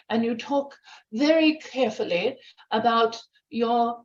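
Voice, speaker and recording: A woman's voice: a little high, a little slow, lo-fi sound. Vivacious woman teaching a speech workshop. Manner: vivacious, animated, acts out voices and laughs. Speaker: speech contest workshop presenter. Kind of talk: online workshop talk.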